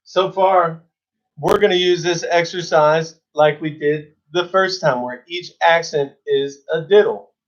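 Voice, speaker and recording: A man's voice: fairly high pitch, unhurried, dull audio. A man teaching an online drum lesson, chatting casually and counting students through the exercises. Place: drum studio. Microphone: phone camera.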